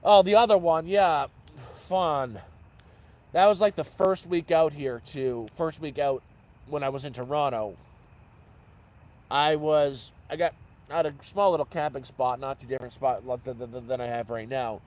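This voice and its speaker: A man telling stories on a late-night livestream from his outdoor camp. His voice sits a little higher than most men's. He rambles and backtracks, restarting sentences as he goes. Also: unhurried, darkish tone, rough recording. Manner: rambling, self-correcting storyteller. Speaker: vlogger living outdoors. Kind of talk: casual storytelling livestream.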